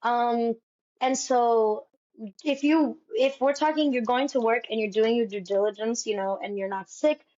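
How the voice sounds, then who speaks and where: High-voiced animated woman storyteller. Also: measured pace. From United States. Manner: animated, fills speech with "like". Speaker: Broadway actress guest. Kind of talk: casual interview storytelling. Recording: dull lo-fi sound.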